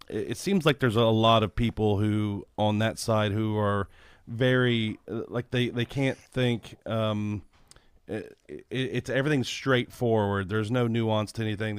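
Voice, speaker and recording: Smooth-voiced man, dry close sound. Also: lowish voice, dry recording. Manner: hesitant, searching for words, then emphatic. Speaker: podcast co-host. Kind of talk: casual podcast conversation.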